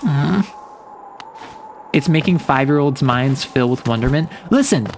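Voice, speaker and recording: A man's voice: medium pitch, expressive, a little slow, pauses often, noisy background. A man chatting casually while streaming a game, rambling and saying "like" often. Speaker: VTuber streamer. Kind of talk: casual gameplay stream commentary.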